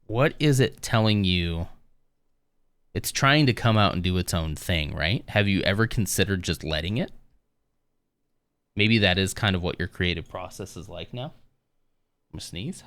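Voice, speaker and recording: A man's voice: low-pitched, animated, normal speed, long pauses, a bit bright, no echo. A man streaming live, chatting casually with viewers in a rambling, easygoing way with lots of fillers.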